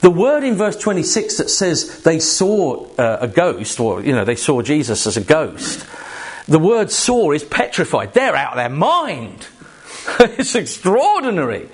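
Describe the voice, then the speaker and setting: Slow, lively-pitched male preacher. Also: slightly rough. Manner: animated, emphatic preaching with rhetorical questions; jokes directly with the congregation. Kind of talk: sermon.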